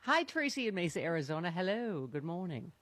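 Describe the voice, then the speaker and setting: A woman's voice: fairly low pitch, big pitch swings, brisk, fairly bright tone, no echo. A woman hosts a political talk radio show, trading sarcastic jokes with her co-hosts. Her voice catches now and then on a cough in her throat.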